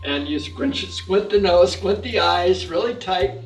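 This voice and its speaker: High-voiced man leading an exercise class. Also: unhurried, faint music behind. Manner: calm, encouraging, counts out moves. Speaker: fitness instructor. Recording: echoey room, mic far off.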